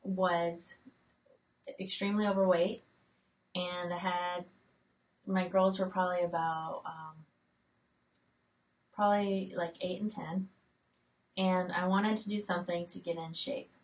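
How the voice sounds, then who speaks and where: A woman in her late forties, chatting casually on a live stream and reading out viewer comments as they come in. She talks in a fairly low register, with frequent fillers and restarts. Her voice sits a little away from the mic. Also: fairly even intonation, measured pace, long pauses, far from the mic, poor audio. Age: late 40s. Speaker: homestead channel host.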